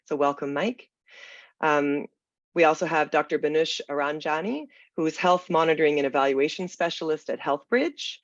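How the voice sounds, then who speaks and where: Panel moderator on a video call, gravelly and a bit rough from smoke, halting delivery; muffled, close, dry sound. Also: mid-range voice, dry recording. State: throat irritated by smoky air. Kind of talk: online webinar moderation.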